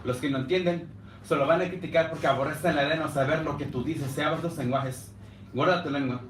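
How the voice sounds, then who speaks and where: Rapid-fire and a bit bright, a young man's higher voice carries his live slam poetry, which shifts between Spanish and English in rhythmic spoken word. The cafe room is echoey, miked from a distance, with a little hiss or hum.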